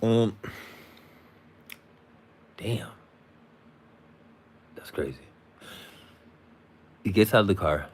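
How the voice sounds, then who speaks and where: A man's voice: on the low side, expressive, very slow, long pauses, slightly rough. A man hosting a live stream, telling a rambling story in slangy casual talk, sounding tired. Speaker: livestream host.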